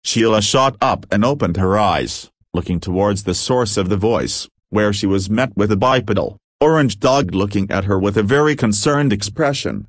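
Low-voiced man reading a story. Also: moderate pace, hardly any pauses, dry recording, clean studio sound. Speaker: narrator. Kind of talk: reading a fiction story aloud.

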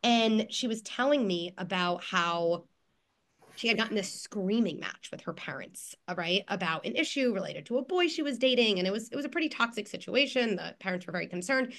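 A woman's voice: mid-range voice, expressive, fairly quick, a bit bright. A woman psychologist giving earnest, reassuring parenting advice on a video call, with frequent restarts and filler words.

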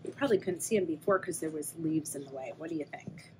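A young adult woman with a deep voice, a children's librarian, reads a picture book aloud at a fast clip, stopping to quiz the young listeners. It's a read-aloud storytime for kids, with background noise in the recording.

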